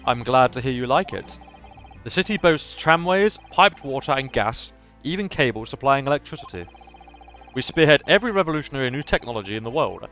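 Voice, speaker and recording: A man's voice: medium pitch, animated, a little fast, a bit bright, pitched above the performer's own voice, close to an everyday voice. A man voicing a posh, stoic male British chief judge in a game, speaking formally and measuredly over faint music.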